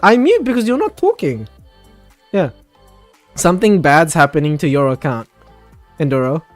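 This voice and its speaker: A man's voice: fairly high pitch, very animated, normal speed, no room sound, soft background music. A man hosting a casual voice chat, ranting with plenty of swearing and laughter.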